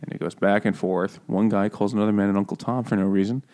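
Laughing low-voiced man joking about a book. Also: fast talker. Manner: jokey, laughing often, animated quoting of characters. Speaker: podcast co-host. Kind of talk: casual book discussion.

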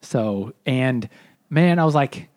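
A man's voice: medium pitch, lively intonation, takes it slowly, a little mellow, dry recording, clean studio sound. A man co-hosting a casual podcast chat, easygoing and agreeable. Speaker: podcast co-host.

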